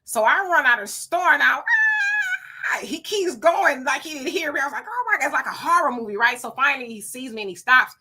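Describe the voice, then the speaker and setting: A middle-aged woman, hosting a live stream, reading viewer comments and telling stories in an animated, emphatic way; she is hot and sweating. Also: high voice, quick pace, few pauses, breathy edge. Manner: animated storyteller, emphatic and preachy when warning.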